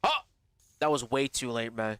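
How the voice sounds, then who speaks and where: Slangy, profane streamer with a smooth voice. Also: male voice, mid-range voice, moderate pace, a bit bright, dry recording. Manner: slangy and profane, calls chat bro and baby. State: slightly strained voice from yelling. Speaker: gaming livestreamer. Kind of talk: casual live-stream chat.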